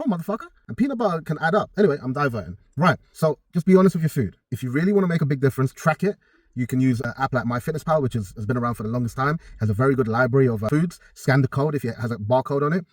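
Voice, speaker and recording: A fast-talking young man, working as a personal trainer. He gives casual advice, blunt and full of swearing. His voice is slightly husky, and the recording is close and dry, with no room echo. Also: mid-range voice, a little mellow. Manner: blunt and profane, talks straight to viewers. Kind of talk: casual direct-to-camera advice.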